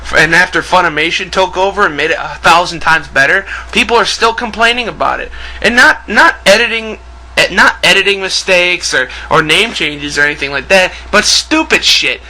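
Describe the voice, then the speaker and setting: Sharp-voiced man in a profane rant. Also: high-pitched, normal speed, low-quality recording. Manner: angry, profane, sarcastic. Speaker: video ranter. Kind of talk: ranting video commentary.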